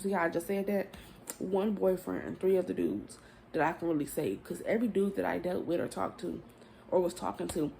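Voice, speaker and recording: Candid rambling young woman, gravelly voice. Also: medium pitch, a little mellow, a little hiss or hum. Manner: candid, rambling, swears freely, addresses viewers as y'all. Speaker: vlogger telling a story. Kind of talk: casual storytime chat to camera.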